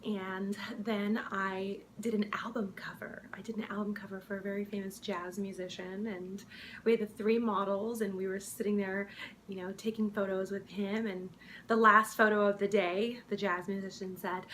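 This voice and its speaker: A woman telling the story of how she became an actress in an improv comedy mockumentary, wistful and dramatic with soft, hushed asides. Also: medium pitch, little pitch movement, moderate pace, a little hiss or hum.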